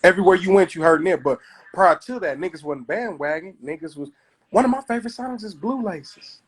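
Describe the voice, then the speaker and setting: Husky man chatting casually. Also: high-pitched, expressive. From Kansas City. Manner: storytelling, does quick voices of others. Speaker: comedian hosting a live stream. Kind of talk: casual chat.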